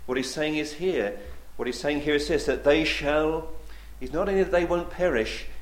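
Emphatic male preacher in an echoey room. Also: medium pitch. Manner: emphatic, rising to loud declarations and dropping to quiet. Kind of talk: sermon.

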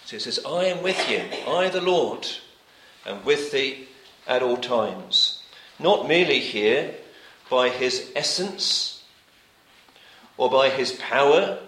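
A man preaching to a congregation, reading old scripture wording and then pressing each point home by repeating it. His voice is bright and clear, and it rings through an echoey church hall. His phrases often sink to a soft, quiet finish. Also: mid-range voice, expressive, slow. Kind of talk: sermon.

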